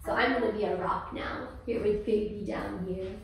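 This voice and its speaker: A mother leading a toddler yoga class, talking gently in a sing-song way to a small child. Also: mid-range voice, normal speed, slight background noise. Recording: echoey room, far from the mic.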